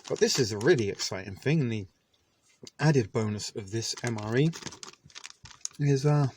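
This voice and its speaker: Casual male food vlogger, mid-pitched, self-deprecating, talks while chewing; faint clicks in the background. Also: moderate pace, darkish tone, a little hiss or hum. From Canada. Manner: chatty and self-deprecating, talks with mouth full. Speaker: vlogger reviewing military rations. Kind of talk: casual eating review.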